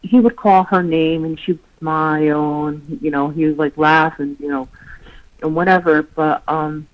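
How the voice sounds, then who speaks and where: A woman's voice: low-pitched, fairly even intonation, unhurried, dull audio. A woman telling a long personal story as a podcast guest, in a rambling way full of "you know" fillers. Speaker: guest, relative of the missing child's mother. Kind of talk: conversational storytelling.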